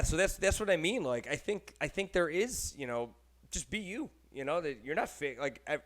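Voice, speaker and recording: A man hosting a casual podcast chat, with a Texan accent, talking in a loose, rambling and animated way and swearing casually. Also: mid-range voice. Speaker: podcast host.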